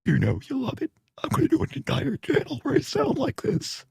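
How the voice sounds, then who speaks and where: A man voicing a strained, wheezy character who talks while sucking in air, with a high, breathy rasp. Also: wildly swooping pitch, fairly quick, a little mellow, no room sound, clean studio sound, heavily acted. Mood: mock-cheerful. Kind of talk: comic put-on voice on a game stream.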